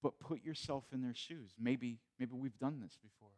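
A man's voice: mid-range voice, normal speed, a little mellow. A man, a pastor, preaching a sermon in church in a conversational way, repeating words as he goes and rising to emphatic peaks.

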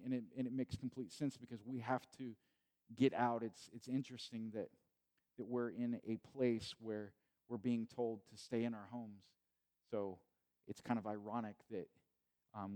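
A male pastor giving a sermon from home, talking in a relaxed, conversational way with restarts and repeated phrases. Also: medium pitch. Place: at home during quarantine.

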